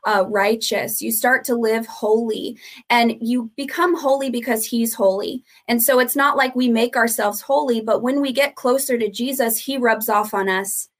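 A woman guest teaches on a podcast in a slightly raised voice. She lays out her points in a steady, earnest way and circles back to stress them. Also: on the high side, moderate pace. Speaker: ministry founder, guest.

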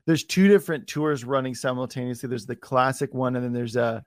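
A man's voice: mid-range voice, fairly quick, dry recording, clean studio sound. A man hosting an interview show, chatting casually and enthusiastically.

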